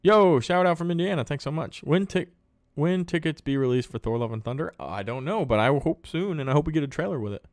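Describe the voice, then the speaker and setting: Male live-stream host: casual and upbeat, fielding chat questions, medium pitch, dry close sound. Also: animated, fairly quick, hardly any pauses, darkish tone, no echo. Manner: upbeat, thanks viewers, answers questions on the fly. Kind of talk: casual livestream chat, reading viewer comments.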